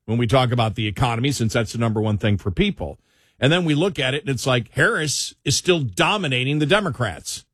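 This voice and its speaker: A man's voice: medium pitch, expressive, brisk, a bit bright, breathy edge, no room sound, studio quality. A man with a Buffalo accent co-hosting a radio talk show, chatting easily about politics and reading news items aloud. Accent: Buffalo, New York.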